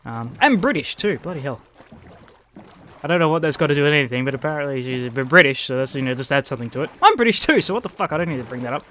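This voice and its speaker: This Australian gaming YouTuber races along in a bright, forceful, slightly high voice with lively intonation. He rambles casually as he plays, swears a lot, chats to viewers, and addresses the game's chickens.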